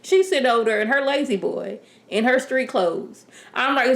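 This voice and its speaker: A woman reviewing a TV drama in loose, casual chat. Her delivery is sassy and rambling, full of rhetorical questions, with her voice climbing high as she gets worked up. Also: lively intonation, normal speed, few pauses. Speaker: TV show reviewer.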